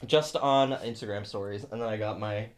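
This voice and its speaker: A woman on a podcast, chatting casually with quick, teasing quips. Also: very deep voice. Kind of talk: casual chat.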